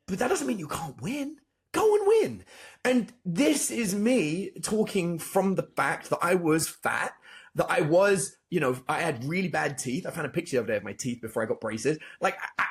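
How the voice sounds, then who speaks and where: A man, a dating coach, telling animated stories as a podcast guest, acting out both sides of past conversations. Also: fairly high pitch, vocal fry. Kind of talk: storytelling in a podcast interview.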